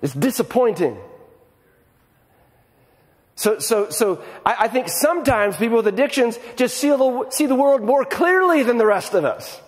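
A middle-aged man preaching a sermon as a pastor, talking in a conversational, animated way and often repeating his first words. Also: very high-pitched, moderate pace, in a large hall.

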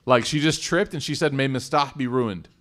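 Young male lecturer with a mid-range voice. Animated, casual storyteller who acts out the quotes. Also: mid-range voice, moderate pace. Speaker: Islamic lecturer.

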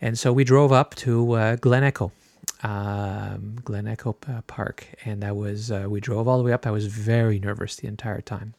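A middle-aged man hosting a podcast, telling a personal story in a relaxed, chatty way with many filler words. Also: fairly low pitch, moderate pace, gravelly, no room sound. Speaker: podcast host.

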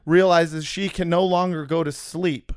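A man's voice: on the high side, fairly even intonation, measured pace, smooth, no room sound, clean studio sound. A man co-hosting a casual comedy podcast, recapping a film in a rambling, profane way with many restarts.

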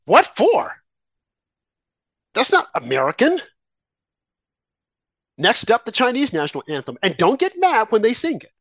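A man's voice: high-pitched, huge pitch swings, normal speed, long pauses, no echo, lo-fi sound. A man giving heated, sarcastic political commentary as a guest, speaking indignantly to the host. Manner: indignant, sarcastic, rising to shouts.

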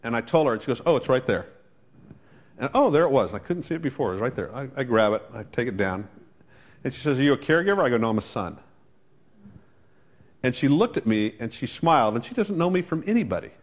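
A man's voice: mid-range voice, expressive, quick pace. A man preaching a sermon as a pastor, telling a personal story in a conversational way with wry asides.

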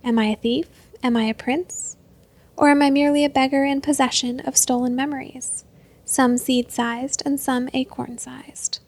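A woman voicing a sly old male beggar who speaks in riddles, slow and half-whispered. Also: high-pitched, level tone. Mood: musing, sly.

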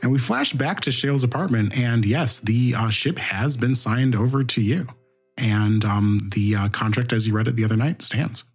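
A man's voice: mid-range voice, normal speed, breathy edge, faint music behind. A man running a tabletop role-playing game, narrating scenes with many fillers and restarts. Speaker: game master.

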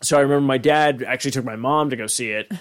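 A man's voice: medium pitch, very fast. Male podcast co-host, loose and rambling, swears often, everyday mid-range voice. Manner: rambling, swears freely, lots of fillers. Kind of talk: casual chat.

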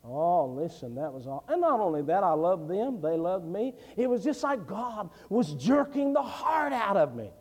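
Preaching in a church sanctuary, a middle-aged male evangelist moves from homely, folksy anecdotes to impassioned declamation. He has a high-pitched, darkish voice with big pitch swings, speaking at normal speed with few pauses, under the long reverb of the church hall.

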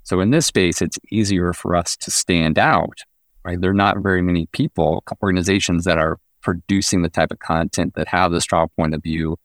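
Male founder, podcast guest. Low voice, dry recording, lively when telling anecdotes. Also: dry recording. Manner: animated, acts out quoted exchanges. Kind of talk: business podcast interview.

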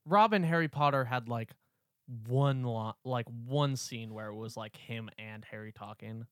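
A man's voice: mid-range voice, unhurried, fairly bright tone, smooth, dry recording. A man co-hosting a casual film podcast, working through his opinions aloud with plenty of hedging. His voice sits mid-range. The sound is dry and close. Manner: earnest, hedging, thinks aloud. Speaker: podcast co-host.

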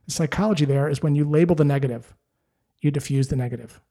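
A man's voice: a little high, fast, warm tone. A man giving a scripted, direct instructional talk as a sales coach, explaining things steadily.

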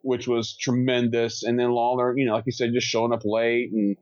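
A man's voice: mid-range voice, level tone, brisk, darkish tone, no room sound. A man talks eagerly in a casual podcast chat. His voice comes through a dull, muffled mic. The sound is dry, with no room around it. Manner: enthusiastic, laughs along.

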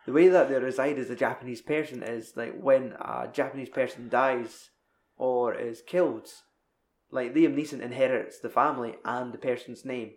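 Guy, young, casual rambly swearing chat, normal pitch, echoey room sound. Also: steady tone, normal speed. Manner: rambling, sweary film recap.

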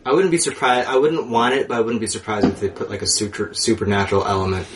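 A man co-hosting a casual movie podcast, relaxed and chatty, often trailing off mid-thought. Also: fairly low pitch, fast. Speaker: podcast co-host. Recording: noticeable background hiss.

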